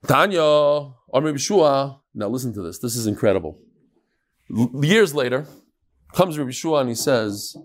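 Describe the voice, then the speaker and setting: A man teaching a Talmud lesson in an animated way, acting out the sages' exchanges and mixing in Hebrew and Aramaic terms. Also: mid-range voice, unhurried.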